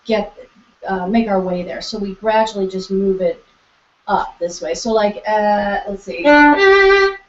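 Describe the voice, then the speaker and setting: A woman's voice: mid-range voice, animated, unhurried, pauses often, faint music behind. A woman teaching violin online, patient and encouraging, singing out bowing syllables as she guides a young student. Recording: roomy, dull lo-fi video call with violin. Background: violin playing.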